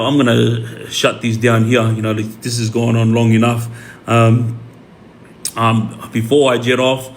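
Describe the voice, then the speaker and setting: Australian man rambling on a livestream. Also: medium pitch. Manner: rambling, many fillers and repeats. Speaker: livestream host. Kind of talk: casual livestream talk.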